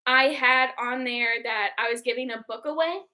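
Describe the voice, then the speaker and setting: A woman's voice: on the high side, moderate pace. A young woman co-hosting a book club livestream, chatting casually and acting out quotes as she tells stories. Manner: animated storyteller who acts out quotes.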